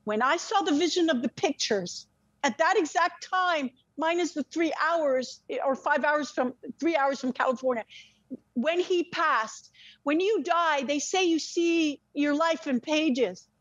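A woman's voice: high-pitched, unhurried, no room sound, dull audio. A woman telling an emotional personal story as a podcast guest. She speaks intensely and frankly, swears freely, and often restarts her words.

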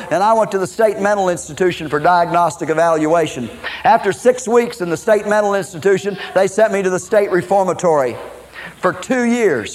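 A middle-aged man from Minnesota preaching his own life story as a sermon, folksy and dramatic, often adding "man" and "okay". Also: sits high. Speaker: preacher giving his testimony. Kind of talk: sermon testimony.

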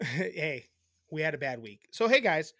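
Lively, bright-voiced joking man. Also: on the high side, unhurried, dry recording, studio quality. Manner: joking, profane, teasing banter. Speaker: podcast co-host. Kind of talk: casual podcast chat.

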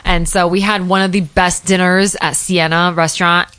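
A woman from the US Northeast hosts a podcast in casual chat. Her voice sits a little low, and she tells stories quickly and with animation. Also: clear, resonant tone. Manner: fast, animated storyteller. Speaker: podcast host.

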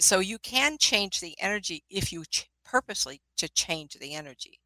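A woman's voice: medium pitch, expressive, moderate pace, bright, forceful tone, no room sound, rough recording. An older woman, a spiritualist minister and ghost investigator, telling rambling anecdotes in a casual chat, often laughing and restarting her sentences.

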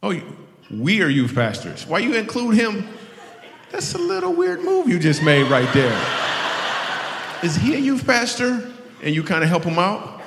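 A man's voice: sits high, wildly swooping pitch, normal speed, creaky, pauses often, a bit bright. A man doing stand-up comedy, teasing audience members in playful crowd work on stage with a handheld mic. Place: live show in a large venue with an audience. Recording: echoey hall with audience ambience.

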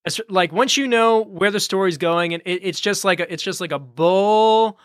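A man co-hosting a podcast in casual chat, relaxed and rambling with plenty of fillers. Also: high-pitched, normal speed, dry recording, clean studio sound. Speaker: podcast co-host.

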